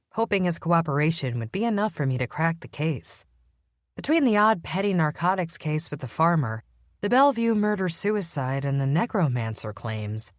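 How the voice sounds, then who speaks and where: A woman narrates a first-person audiobook in a low voice with lively, rising and falling pitch. Her reading is measured and wry, recorded close in a dry studio. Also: no echo.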